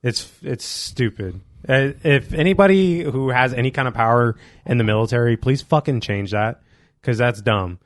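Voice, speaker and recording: A man's voice: medium pitch, moderate pace, no room sound, studio quality. Blunt young man griping casually. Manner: blunt, profane complaining. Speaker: podcast co-host. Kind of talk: casual chat.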